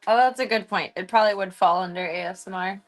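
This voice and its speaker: A woman's voice: mid-range voice, fast talker. A young woman streamer chatting casually at home, rambling and cooing baby talk at her cats. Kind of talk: casual chat while streaming.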